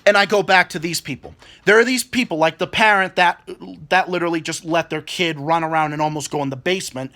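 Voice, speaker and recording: Talking fast with barely a pause, a male vlogger in his twenties tears into the people at his job. His pitch is fairly high and his tone sharp, and he swears nonstop while getting tangled in repeated words.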